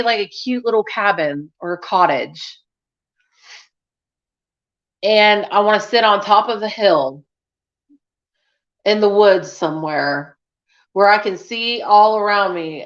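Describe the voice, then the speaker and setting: Reading out comments from viewers, a woman hosts a laid-back livestream and wanders through stories in a chatty, rambling way full of fillers and restarts. Her mid-range voice has a fairly bright tone, but the recording sounds muffled.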